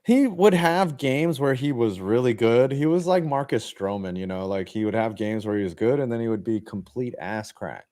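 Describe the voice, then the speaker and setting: A man hosting a casual podcast, swearing and joking while calling each pitch of a baseball game. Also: expressive, normal speed, few pauses, dark tone. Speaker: podcast host. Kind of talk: casual chat with live baseball play-by-play.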